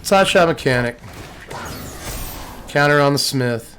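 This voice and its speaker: A man's voice: a little high, a little slow, slight background noise. A man commenting casually on his own online card game, talking to himself and ranting in exasperation when plays go wrong. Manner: animated, talks to himself and the game, exasperated rants. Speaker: gameplay streamer.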